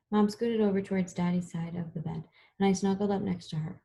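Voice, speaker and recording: Soft-spoken, husky woman audiobook reader. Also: medium pitch, steady tone, fairly quick, low-quality recording. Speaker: audiobook narrator. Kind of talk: first-person audiobook narration.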